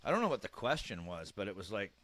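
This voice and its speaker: Chatty Canadian man, lowish voice. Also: sing-song, fast talker, fairly bright tone. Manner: chatty and candid, thinking aloud. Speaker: livestream reactor. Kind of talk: casual live reaction chat.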